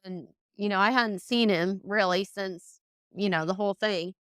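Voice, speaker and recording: A young woman with an exceptionally clear, smooth voice, recorded close and dry with no room sound. She talks at a middle pitch. Her story runs on in long loose chains of "like" and "you know", with the sincere and casual feel of an interview guest. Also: moderate pace, fairly bright tone, no echo. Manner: rambling, emotional play-by-play full of "like" and "you know". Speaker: guest, reining horse trainer.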